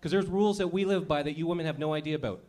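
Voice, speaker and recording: A man's voice: a little high, racing, a little mellow. A man in his thirties doing profane stand-up comedy, working the crowd and laughing at his own jokes.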